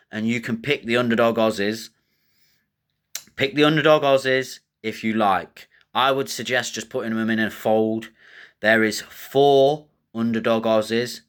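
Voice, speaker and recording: A man's voice: mid-range voice, fairly even intonation, unhurried, clear, resonant tone. A man giving blunt, rambling fight picks and betting tips in casual, coarse commentary. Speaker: MMA betting tipster host.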